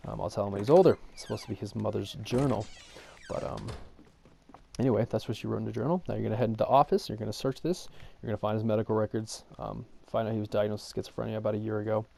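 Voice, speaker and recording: A man narrates a gameplay tutorial in a low, gravelly voice with a dark, mellow tone. He rattles through the steps quickly and rambles, with many ums along the way. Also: slight background noise. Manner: rambling, filler-heavy explanation with frequent ums; raises his voice to talk over in-game music. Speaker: game walkthrough guide. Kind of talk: casual gameplay tutorial commentary.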